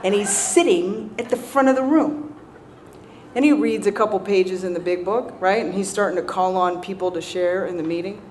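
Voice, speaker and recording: Speaking at a moderate pace in a darkish mid-range voice, this Southern woman recounts her own recovery to a live crowd. She's self-deprecating and chatty, regularly checking in with "right?", and a bit of hiss or hum sits under the recording.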